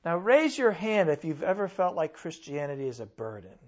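A man's voice: on the high side, very animated, fairly quick. Guy preaching in church, chatty but earnest, kinda muffled sound. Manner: conversational and earnest, with sudden bursts of emphasis. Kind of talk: sermon.

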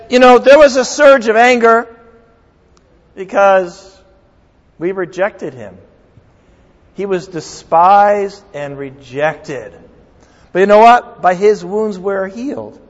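A man's voice: high voice, big-room sound, highs cut off. A middle-aged man, a pastor, preaching a sermon in an earnest, conversational way with emphatic repetition.

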